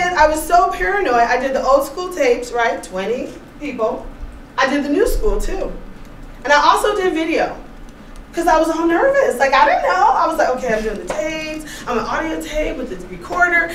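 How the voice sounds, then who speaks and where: A woman giving an informal seminar presentation to a room, chatty and animated, telling stories with laughs. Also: high-pitched. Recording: roomy echo, distant mic, faint noise.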